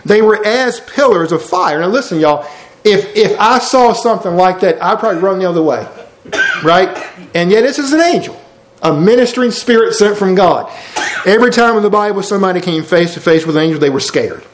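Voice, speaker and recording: A man's voice: high-pitched, animated, fairly quick, a little hiss or hum, poor audio. A man preaching a sermon, explaining Bible verses one by one with folksy asides. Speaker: preacher teaching a Bible study.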